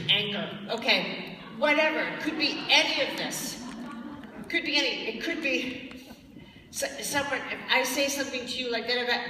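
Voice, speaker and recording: A woman's voice: on the high side, moderate pace, pushed and bright, a little hiss or hum. A woman speaker giving a blunt, emphatic lecture to a live audience, sometimes mocking the tones of voice people use. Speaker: spiritual speaker. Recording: echoey hall from far off.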